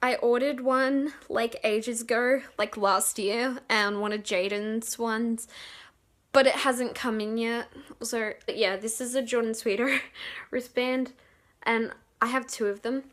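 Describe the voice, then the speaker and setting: A young woman telling a rambling, excited storytime, giggling and acting out quotes loudly. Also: on the high side, slow. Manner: excitable, giggly, acts out quotes with bursts of loudness; rambling with many fillers and restarts. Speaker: vlogger. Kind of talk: casual storytime.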